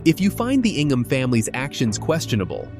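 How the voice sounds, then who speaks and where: A man's voice: mid-range voice, big pitch swings, fairly quick, over music. A man narrating a documentary in a critical, emphatic storytelling manner. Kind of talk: scripted narration.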